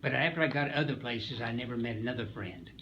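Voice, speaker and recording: A man's voice: medium pitch, fast talker, sharp tone, highs cut off, slight background noise. A man in his nineties from Missouri, a wartime Coast Guard veteran, telling his stories in an interview in a folksy, rambling way with hesitations. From Springfield, Missouri, USA. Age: 90s. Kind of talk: storytelling interview.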